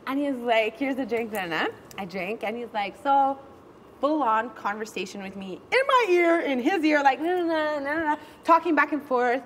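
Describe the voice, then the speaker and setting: A woman tells her friends a story in a high, bright voice. She acts out every voice in it and keeps stopping to check in with "okay?" A faint hiss sits behind her. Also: animated, normal speed. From Montreal, Canada. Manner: peppers speech with "okay?" and "I'm like". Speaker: storyteller in a group chat. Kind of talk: casual storytelling among friends.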